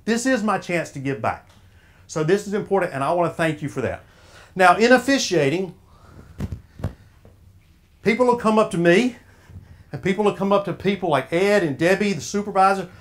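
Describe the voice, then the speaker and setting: A man with a Southern drawl speaks a little above the usual male pitch. He gives a folksy, sermon-like motivational talk and keeps throwing questions at the crowd. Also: animated, moderate pace, long pauses. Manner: folksy, preacher-like, quizzing the audience. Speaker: speaker at an officials' association.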